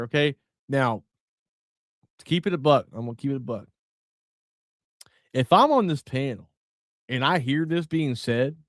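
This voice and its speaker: Middle-aged male podcast host, blunt and profane, heated delivery, slightly high voice. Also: no echo, clean studio sound. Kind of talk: casual podcast commentary.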